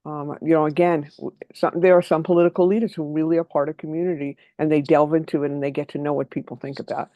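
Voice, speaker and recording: A trainer giving an online workshop, talking quickly and keeping the audience involved by asking them for answers. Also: medium pitch, no echo, lo-fi sound. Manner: lively, quick and engaging, invites answers from the audience.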